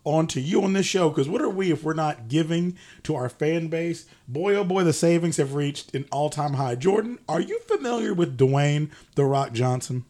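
Animated young man doing mock outrage. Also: a little high, moderate pace, few pauses. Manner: animated, mock-incredulous, swears, laughs mid-sentence. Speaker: podcast co-host. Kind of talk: comedic podcast banter.

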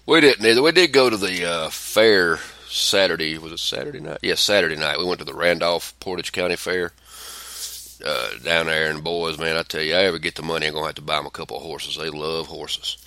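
A man's voice: deep voice, fast talker, pushed and bright, no echo. A middle-aged man, a podcast co-host telling rambling stories in blunt, profane casual chat.

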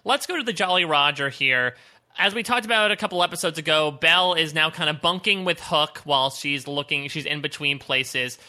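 A man's voice: fairly high pitch, brisk. A man co-hosting a TV recap podcast in casual, joking chat. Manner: animated, joking, laughs often. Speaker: podcast co-host.

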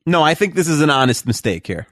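Man, podcast co-host, wry jokey commentary, lively pitch, dry close mic. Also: quick pace, no echo. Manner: wry, joking asides. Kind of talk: casual chat commentary.

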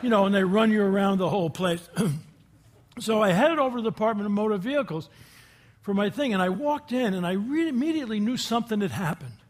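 A man's voice: sits high, expressive, fast talker. A man giving an inspirational talk to a live audience, telling anecdotes in a folksy way and putting questions to his listeners. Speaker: guest speaker addressing a group.

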